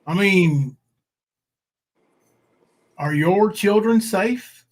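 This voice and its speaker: A man's voice: high voice, very slow. A man hosting a livestream, talking in a rambling, sarcastic, coarse way. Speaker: livestream host. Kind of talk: casual livestream commentary.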